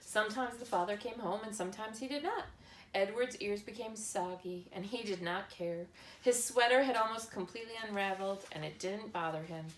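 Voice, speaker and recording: A woman narrating a children's novel chapter in a slow, measured reading style. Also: medium pitch, slight background noise. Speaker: audiobook narrator. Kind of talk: scripted narration. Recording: echoey room with faint ambience.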